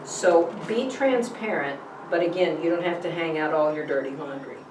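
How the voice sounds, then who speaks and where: A middle-aged woman teaching a Bible college class, lively and coaxing, often checking in with her students. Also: low voice, moderate pace, background noise. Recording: echoey classroom from far off.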